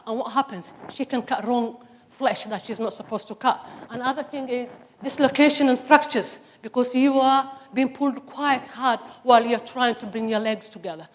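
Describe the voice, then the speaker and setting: A middle-aged woman from Somalia speaks on stage in a fairly high voice. Her testimony is impassioned and emphatic, pressing each point home. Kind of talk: personal testimony talk. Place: stage before an audience.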